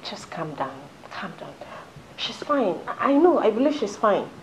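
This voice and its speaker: A woman's voice: mid-range voice, very animated, a little slow, slight background noise, poor audio. An actress playing a caring young woman who reassures her distraught friend in a film drama. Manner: soothing, urgent, reassuring.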